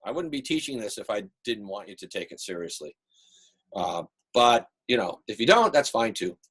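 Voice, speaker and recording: A man teaching an online art class over a video call, relaxed and rambling with many fillers. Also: fairly low pitch, moderate pace, slightly rough. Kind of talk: online class lecture and critique.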